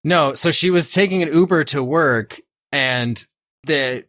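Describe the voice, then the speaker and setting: A man's voice: on the high side, measured pace, fairly bright tone, no echo, clean studio sound. A man co-hosting a podcast in casual chat, telling stories in an easygoing way. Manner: easygoing, storytelling, laughs often. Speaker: podcast co-host.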